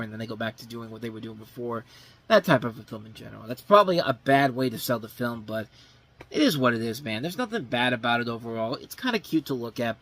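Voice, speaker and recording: A man's voice: medium pitch, fairly bright tone. A man hosting a film review show, talking casually in a blunt, sarcastic way, swearing freely and rambling with frequent self-corrections. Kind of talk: casual unscripted movie review.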